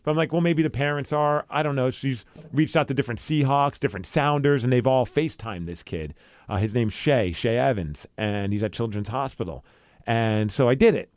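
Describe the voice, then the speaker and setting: A man's voice: medium pitch, fairly quick, a little mellow, no echo, studio quality. A man hosting a radio show, telling a personal story in an earnest, emotional way. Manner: earnest and emotional, quoting people in his own voice. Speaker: radio and podcast host. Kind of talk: storytelling chat. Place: radio studio.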